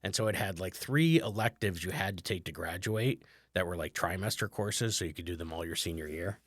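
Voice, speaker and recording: Man, very deep voice, dry close sound, rambling casual podcast chat, lots of fillers. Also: fairly quick, no echo. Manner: rambling, conversational, many fillers. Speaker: podcast host, comedian. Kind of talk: casual solo podcast talk.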